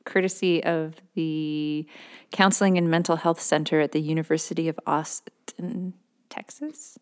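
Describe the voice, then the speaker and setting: Lady co-host, lowish voice, asks the questions, laughs a lot. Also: flat delivery, measured pace, smooth. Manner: interviewing, laughs often. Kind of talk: casual chat.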